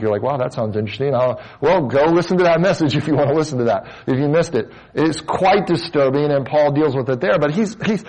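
A middle-aged man preaching a relaxed, conversational sermon, a pastor who talks to his congregation like friends. He drifts into humorous asides and stumbles over restarts. His voice sits at an ordinary pitch for a man. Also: low-quality recording. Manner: conversational, self-deprecating asides, frequent restarts.

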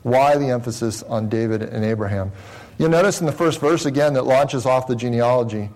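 This medium-pitched pastor explains Scripture in a Bible-teaching sermon, heard on a low-quality recording. Rhetorical questions come often, and he drops to a softer, slower voice whenever he reaches key phrases.

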